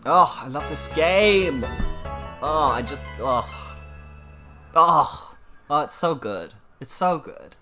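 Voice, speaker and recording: A woman streaming a game, chatting excitedly in casual commentary between voiced scenes. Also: deep voice, takes it slowly, faint music behind.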